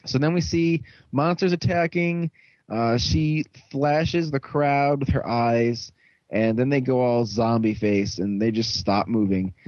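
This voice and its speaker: A young man hosting a casual podcast, rambling and sarcastic as he sums up an episode and mocks the characters in quick put-on voices. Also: mid-range voice, darkish tone, no room sound, dull audio. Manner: rambling, sarcastic, mocking voices while retelling scenes. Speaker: podcast host.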